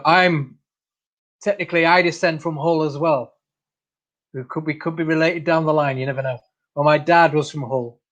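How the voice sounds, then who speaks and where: A man hosting a casual livestream, reading out viewer comments, laughing often and calling people mate. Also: fairly high pitch. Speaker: channel host.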